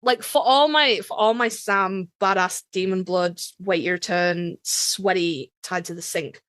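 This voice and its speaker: A woman's voice: mid-range voice, unhurried, fairly bright tone, dry recording, clean studio sound. A woman co-hosting a podcast in casual fan chat, gushing and rambling about favourite episodes. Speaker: podcast co-host.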